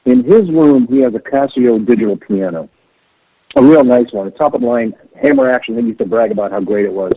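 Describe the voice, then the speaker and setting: Middle-aged male musician guest, gravelly and husky, phoned in on a thin line, storyteller who plays out the quoted voices. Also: mid-range voice, a little fast, no room sound. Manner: animated, acts out quoted voices. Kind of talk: storytelling interview over the phone. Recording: tinny phone line, dry.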